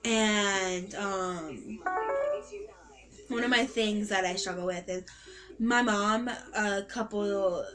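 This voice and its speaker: A woman's voice: mid-range voice, steady tone, slow pace, long pauses, over music, rough recording. A teenage girl vlogging casually about her own experience, rambling with many fillers and self-corrections. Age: teens. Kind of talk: casual personal storytelling.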